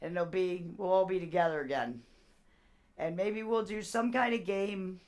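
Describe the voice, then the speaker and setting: A woman's voice: lowish voice, moderate pace, a little mellow. Rambling woman chatting on a live stream. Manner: rambling, laughs often. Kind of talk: casual live stream chat with viewers.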